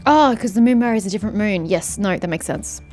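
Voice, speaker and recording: A woman's voice: medium pitch, animated, darkish tone, faint music behind. A woman streamer giving sarcastic, joking commentary over a video game. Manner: sarcastic, joking, quick asides. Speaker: gaming streamer. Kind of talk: let's play commentary.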